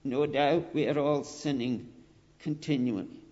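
A man preaching a sermon, earnest and deliberate, repeating his phrases and rising to emphatic pleading. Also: mid-range voice, steady tone, mellow. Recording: dull lo-fi recording with long hall reverb.

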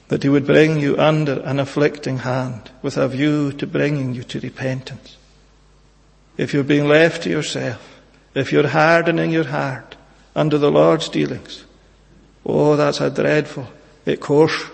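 A man preaching a sermon in a church, earnest and measured, pleading with his hearers and pausing often on "eh". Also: a little high, creaky, big-room sound.

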